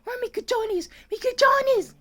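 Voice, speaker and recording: Woman doing a frantic little old lady, yelling high and shrill, over and over. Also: a little slow. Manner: shrill repeated demanding yells.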